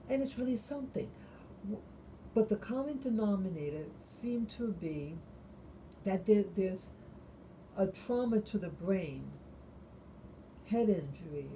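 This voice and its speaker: Slow, dark-voiced woman musing late at night. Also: on the low side, slight background noise, rough recording. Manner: halting and musing, many restarts. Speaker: vlogger. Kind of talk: late-night solo monologue.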